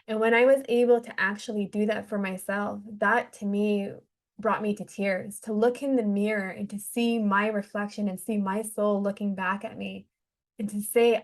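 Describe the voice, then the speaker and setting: A woman's voice: medium pitch, flat delivery, normal speed. A woman speaking as a podcast guest, a life coach telling her own story in an earnest, heartfelt way. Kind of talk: casual interview talk.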